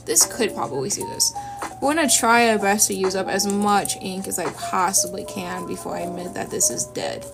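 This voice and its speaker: A woman's voice: medium pitch, moderate pace, gravelly. A woman chatting casually and rambling to viewers while she draws, sniffly from a runny nose. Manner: chatty, rambling, self-deprecating asides. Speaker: art streamer. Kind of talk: casual chat while drawing. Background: lofi music.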